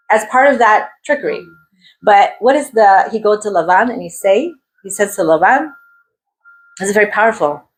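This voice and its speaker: A woman teaching the weekly Torah portion in a lively, questioning way, sprinkling in Hebrew terms and acting out the figures' voices. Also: medium pitch, low-quality recording.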